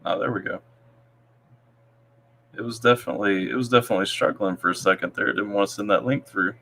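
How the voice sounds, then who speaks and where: A man's voice: fairly low pitch, fast talker, vocal fry, sharp tone, a little hiss or hum. A man hosting a casual live stream, reading viewer comments aloud in a laid-back way. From Tennessee. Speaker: livestream host.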